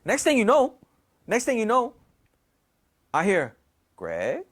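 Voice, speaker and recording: A young man casually telling a story in slangy, profane, animated talk with a lot of repetition. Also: extremely high pitch, a little slow. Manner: slangy, profane, animated retelling with many repeats.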